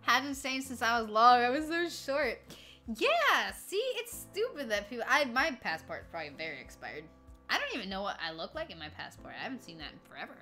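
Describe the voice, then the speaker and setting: A woman's voice: mid-range voice, sing-song, a little fast, pushed and bright, faint music behind. A woman in her twenties chatting casually with her stream viewers, rambling through stories, laughing often and greeting chat along the way. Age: 20s. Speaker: livestreamer.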